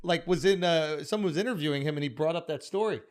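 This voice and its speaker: A man hosting a podcast, bantering in an excitable, profane way. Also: a little high, fast. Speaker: podcast host. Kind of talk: casual podcast chat.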